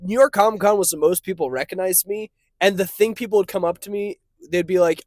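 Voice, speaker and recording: Breathy man with a high voice. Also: a little fast, few pauses, dry recording. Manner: animated storyteller, acts out quotes. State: slightly breathy after a cold. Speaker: podcast host and content creator. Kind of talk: casual chat.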